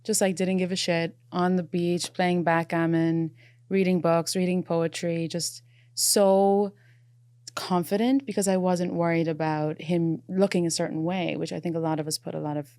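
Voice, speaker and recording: Low-voiced Irish woman telling stories. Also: normal speed, smooth, dry recording. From Ireland. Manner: animated storyteller, laughs often. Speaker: podcast guest, app founder. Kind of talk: casual chat.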